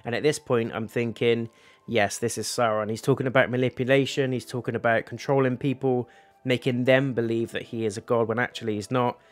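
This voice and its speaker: A man's voice: medium pitch, level tone, fairly quick. Casual, profane man reviewing a series. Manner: candid, rambling, swears casually.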